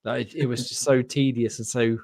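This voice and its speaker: A man's voice: mid-range voice, steady tone, fairly quick, gravelly, darkish tone, dry recording. A man in his thirties hosting a podcast, chatting bluntly and casually, swearing now and then. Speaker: podcast host.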